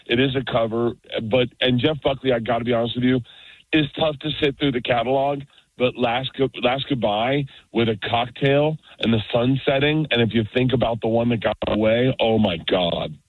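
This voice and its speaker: Male celebrity caller on a muffled line, phoning from a car, rambling and animated. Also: mid-range voice, normal speed, no echo. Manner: rambling, animated storytelling with acted quotes. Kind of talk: phone-in banter.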